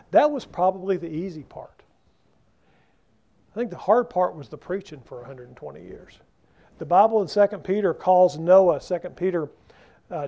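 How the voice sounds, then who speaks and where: A man's voice: sits high, warm tone. A male pastor preaching a sermon, talking conversationally and asking the congregation questions. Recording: dull lo-fi sound.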